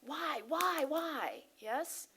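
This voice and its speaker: A woman giving an inspirational sermon talk as a spiritual practitioner, earnest and animated, often asking her listeners questions. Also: sits high, extremely slow. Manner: animated and emphatic, acting out angry voices. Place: spiritual center service.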